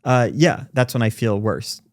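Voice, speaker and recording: A man in his forties, a podcast guest telling stories in fast, animated conversation. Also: medium pitch, no echo, studio quality. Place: recording studio.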